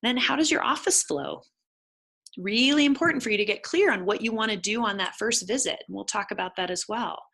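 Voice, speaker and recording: A woman's voice: mid-range voice, vocal fry, sharp tone, breathy edge. A middle-aged woman teaching a business webinar for chiropractors, firing off rhetorical questions at the listener. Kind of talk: webinar lesson.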